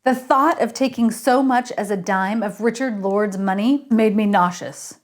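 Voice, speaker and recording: A woman, an author, reading her novel aloud in an expressive, lively way. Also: mid-range voice.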